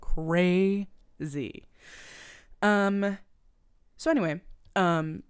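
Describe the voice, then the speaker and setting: This young woman co-hosts a podcast, recapping a movie in casual chat with plenty of swearing while animatedly acting out the characters' lines. Her voice is fairly low in pitch and clean in tone, and she draws her words out.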